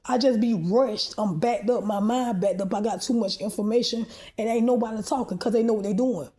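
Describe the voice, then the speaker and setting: A woman delivers a rambling monologue to her own camera, agitated and confrontational, swearing freely. Her voice sits a little high for a woman yet sounds dark and mellow. She stumbles, restarts and repeats words as she pushes on. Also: a little fast. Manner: agitated, profane, confrontational ranting. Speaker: vlogger posting a video.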